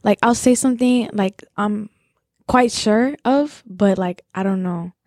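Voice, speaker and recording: Soft-spoken teenage girl, unsure. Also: mid-range voice, a little slow, no echo, studio quality. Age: teens. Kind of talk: group discussion.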